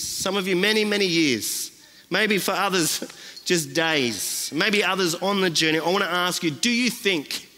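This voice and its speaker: A guest speaker preaches a sermon at a church, earnest and repeating phrases for emphasis. His voice sits high, pushed and bright, and the church gives it a long reverb.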